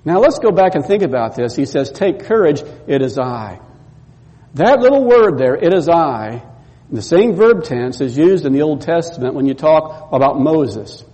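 High-voiced preacher in a reverberant hall. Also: male voice, lively intonation, normal speed, warm tone. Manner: storytelling, acts out quoted voices, repeats words. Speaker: pastor. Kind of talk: sermon.

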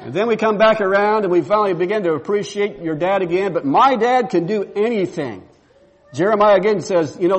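A man's voice: high voice, lively intonation, brisk. A man pastor preaching a sermon, repeating emphatic rhetorical questions.

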